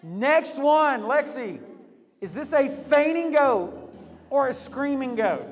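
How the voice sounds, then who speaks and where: A man hosting a lively game for a group, upbeat and teasing, laughing often. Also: very high-pitched, slow pace, in a large hall. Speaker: youth leader hosting a game.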